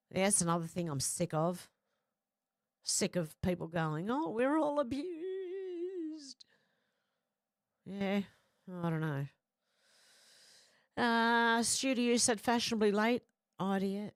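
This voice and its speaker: A woman's voice: medium pitch, no echo, studio quality. A woman with an Australian accent hosting a casual livestream, reading viewer comments aloud and answering them bluntly with her own opinions. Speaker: livestream host.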